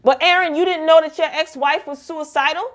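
Young woman chatting thru a tv recap, lively, laughs and exclaims a lot. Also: high-pitched, a little fast. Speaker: recap vlogger. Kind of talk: casual TV episode recap.

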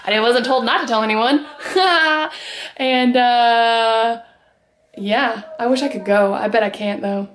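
Strolling through her home, a young woman vlogs to camera in a rambling, casual chat with frequent laughter. Her voice sits a little high and she takes her time.

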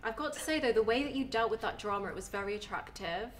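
A woman contestant on a dating show, flirty and soft-spoken. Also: fairly high pitch, expressive, quick pace. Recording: loud background noise.

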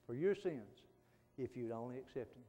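Man, middle-aged preacher, folksy sermon, soft pleading to loud fervent, long church reverb. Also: mid-range voice, expressive, moderate pace, faint music behind. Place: church sanctuary.

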